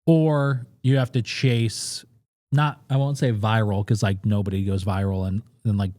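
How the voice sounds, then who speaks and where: A man's voice: fairly low pitch, steady tone, normal speed, mellow, no room sound, clean studio sound. A man who is a guest on a podcast, bluntly telling food stories in casual, profanity-laced talk. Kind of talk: casual interview storytelling.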